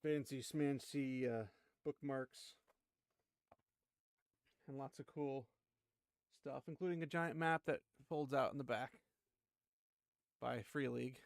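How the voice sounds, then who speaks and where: A man's voice: mid-range voice, slow pace, gravelly, pauses often, no room sound, studio quality. A young man streaming, chatting casually and laughing as he shows off his collectibles. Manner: chatty, laughs often, rambling asides. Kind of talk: casual chat showing off collectibles.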